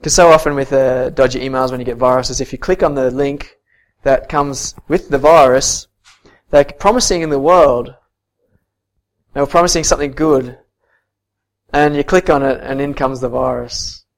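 A man preaching a sermon and reading scripture, earnest, swinging from soft to emphatic. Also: mid-range voice, normal speed.

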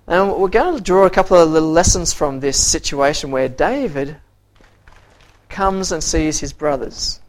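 Quizzing the class as the Bible story unfolds, this teacher speaks at a medium pitch, haltingly, often repeating words while hunting for the next phrase. Characters' lines get acted out in quoted voices throughout the interactive lesson.

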